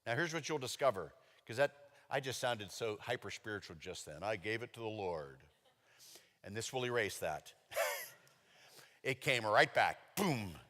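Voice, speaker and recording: A middle-aged man delivers a sermon like he is telling a story to friends, bursting into loud, animated moments now and then. His tone is bright and forceful. The sound carries the long reverb of a church sanctuary. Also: fairly low pitch, moderate pace. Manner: conversational storytelling with animated outbursts. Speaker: pastor.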